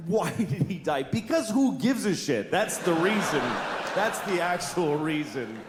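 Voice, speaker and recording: A middle-aged man doing a stand-up comedy set, telling stories in a deadpan, profane way with sudden shouted bursts. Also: high-pitched, measured pace. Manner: profane, deadpan storytelling that jumps to loud shouted outbursts. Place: comedy stage before a live audience. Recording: live show with clear audience noise.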